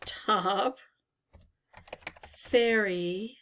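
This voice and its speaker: A woman talks her way through a word puzzle at her desk, reading the words aloud one at a time. Her pace is very slow and unhurried, and her voice sits at an ordinary pitch. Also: a bit bright, a little hiss or hum. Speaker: word game video host. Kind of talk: casual puzzle talkthrough.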